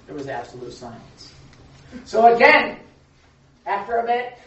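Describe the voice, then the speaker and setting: A man's voice: sits high, very animated, a little slow, a bit bright. A man preaching an informal sermon, telling stories dramatically and checking in with his listeners in a conversational way. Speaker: preacher, Bible teacher. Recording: echoey, distant, dull room recording.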